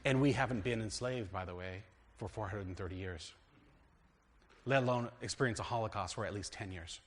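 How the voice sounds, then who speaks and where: A man pastor with an American accent teaching a sermon and reading scripture aloud. He asks the congregation fill-in questions and swings between loud and hushed delivery. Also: fairly low pitch, a little fast, in a large hall. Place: church.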